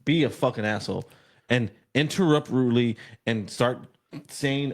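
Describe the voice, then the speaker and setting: A man's voice: mid-range voice, normal speed. A man co-hosting a podcast, chatting bluntly and profanely about politics and laughing often. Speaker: podcast co-host. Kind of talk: casual political chat.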